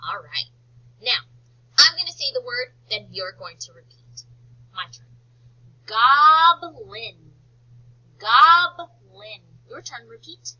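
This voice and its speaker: A woman teacher leading a slow phonics lesson for young children, stretching out words for them to repeat and praising them often. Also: on the high side, very animated, pushed and bright, husky, highs cut off. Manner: slow, drawn-out word modelling and encouraging praise.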